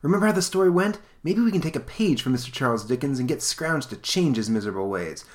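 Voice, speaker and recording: A man's voice: medium pitch, expressive, quick pace, voice pushed up, lightly acted. A man voicing a bossy teenage superhero leader in a comic he reads aloud. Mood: commanding. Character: teen boy hero leader, bossy, earnest. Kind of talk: comic read aloud on a podcast.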